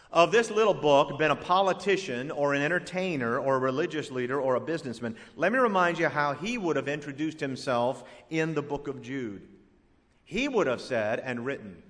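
A male pastor preaching a sermon, punching some words and letting others drop to a hush. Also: medium pitch, big-room sound. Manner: emphatic preaching that swings between loud punches and hushed, drawn-out words.

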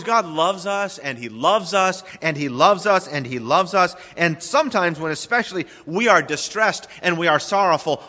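A man preaching a sermon as pastor, folksy and emphatic, speeding up and slowing down for effect. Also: sits high, bright, forceful tone, in a large hall.

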